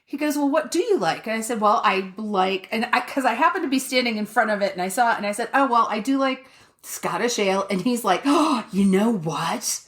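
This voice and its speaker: A woman's voice: a little high, fast, a bit bright. A woman co-hosting a podcast, telling a story in casual chat, swearing freely and laughing often. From Colorado, USA. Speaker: podcast co-host.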